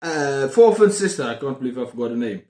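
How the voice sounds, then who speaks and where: A man chatting casually about books on his video channel, excitable and prone to repeating himself. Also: mid-range voice, fast. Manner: excitable, repeats words and phrases. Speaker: book vlogger. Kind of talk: casual book review chat. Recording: roomy echo.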